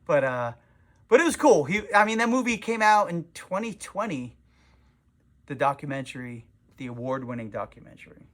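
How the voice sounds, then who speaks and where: A comic shop owner talks straight to camera from his store in a casual vlog, his voice swinging up and down in pitch. He is loose and profane, and he pokes fun at himself as he goes. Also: moderate pace. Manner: animated, profane, self-mocking.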